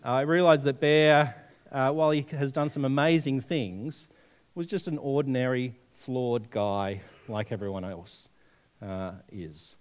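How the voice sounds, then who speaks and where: A man's voice: medium pitch, fairly even intonation, measured pace, clean tone. A man preaching a sermon, telling stories and asking the congregation questions. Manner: storytelling, conversational, asks the audience questions.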